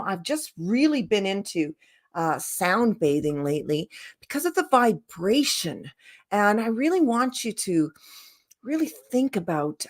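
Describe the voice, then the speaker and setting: A woman leading a laughter yoga session, bubbly and giggly, gently coaching the viewer directly. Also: medium pitch.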